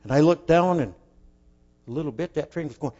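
An older man telling a folksy childhood story, asking his listeners questions and dropping to a hush for his inner thoughts. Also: a little high, a little fast, background noise. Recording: dull lo-fi recording.

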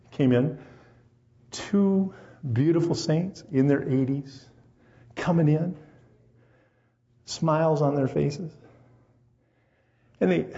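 Gravelly man telling a church testimony. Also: a little high. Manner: animated storyteller, acting out quoted voices. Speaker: Christian radio station representative. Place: church service. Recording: dull lo-fi recording.

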